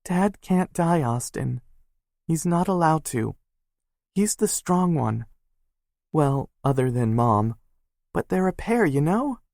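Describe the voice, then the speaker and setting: A brash young woman, as a male narrator puts her on, swearing freely and jabbing with teasing remarks in a raised, pushed-up voice. She talks loud and blunt, her tone lifted well above a deep natural register, and the sound is close and dry. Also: lively intonation, slow, no echo. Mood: tearful. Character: brash, foul-mouthed young woman, tattoo shop worker.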